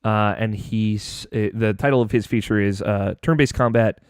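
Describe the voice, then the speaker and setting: A man's voice: on the low side, normal speed, clean tone, no echo, studio quality. A man hosting a gaming podcast, chatting casually and rambling with lots of fillers and restarts. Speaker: podcast host.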